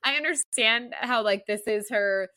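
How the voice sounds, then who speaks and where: Chatty young woman with a bright voice. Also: on the high side, a little slow, no echo, studio quality. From Orlando, Florida. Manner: chatty, animated, says "like" often. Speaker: podcast co-host. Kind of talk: casual book discussion chat.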